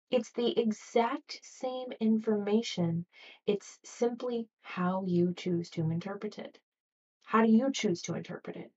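Gentle woman coaching from a distance. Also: a little high, lively intonation, slow, muffled recording. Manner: gentle, coaching, acts out anxious inner voices. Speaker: podcast host. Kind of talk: motivational solo podcast talk.

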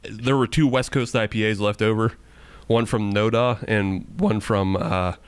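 A man's voice: fairly low pitch, steady tone, measured pace, clear, resonant tone, no room sound. A man hosting a casual beer-tasting podcast, joking and laughing often as he talks. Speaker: podcast host.

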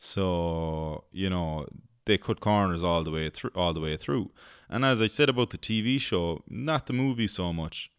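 A man's voice: low voice, moderate pace, clean tone, no echo, studio quality. A male podcast host rambling in casual chat, laughing easily and swearing freely.

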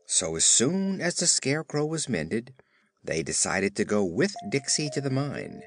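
Expressive male narrator for a children's story, lively pitch. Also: measured pace, a little hiss or hum. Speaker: audiobook narrator. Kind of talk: scripted narration.

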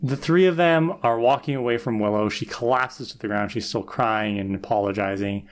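A man's voice: mid-range voice, clear, resonant tone. A man with an everyday middle-range voice runs through a story scene by scene. He is a podcast co-host, dry and wry in his asides, keeping the chat loose and casual. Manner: wry, quick plot retelling.

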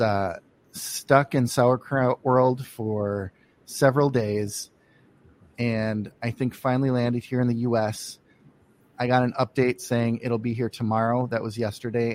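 This is a man hosting a relaxed interview, with a mid-pitched voice of ordinary brightness. He talks loosely, piling up "um"s and restarting his sentences as he works his way to the question. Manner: hesitant, lots of fillers and restarts. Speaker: podcast host. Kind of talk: casual interview chat.

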